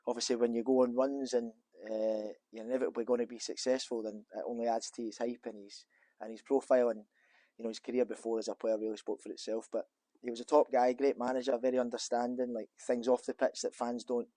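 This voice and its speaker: A man's voice: mid-range voice, level tone, quick pace, dark tone, no echo. A man, a former footballer being interviewed in an office, talking casually and rambling with many restarts and fillers.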